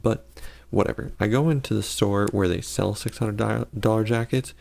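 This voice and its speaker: A man's voice: fairly low pitch, steady tone, normal speed, vocal fry, darkish tone. A man giving casual gameplay commentary and telling a story, rambling and correcting himself with sarcastic asides.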